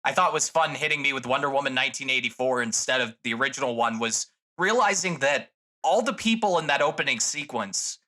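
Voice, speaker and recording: A man's voice: mid-range voice, expressive, fairly quick, sharp tone. A young man co-hosting a podcast in casual chat, swearing freely and restarting his sentences often. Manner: profane, rambling, with many restarts. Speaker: podcast co-host.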